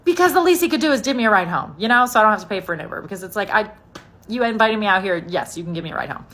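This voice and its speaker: A woman in the middle of a casual storytime, chatty and wry. She peppers her telling with "like" and acts out little quoted asides. Her voice sits at an ordinary middle pitch. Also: expressive, very fast, fairly bright tone. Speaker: TikTok storyteller.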